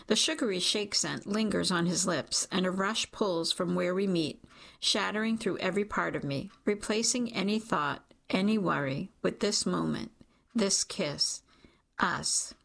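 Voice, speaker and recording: Brief: woman narrator for a first-person audiobook, intimate and emotional, with a gravelly fry. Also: lowish voice, fairly bright tone.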